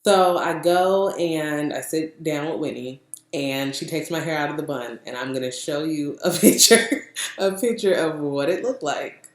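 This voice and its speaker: A young adult woman telling a story in a casual vlog, chatty and animated, laughing often and acting out what people said. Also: low-pitched, a little slow. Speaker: vlogger. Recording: roomy echo.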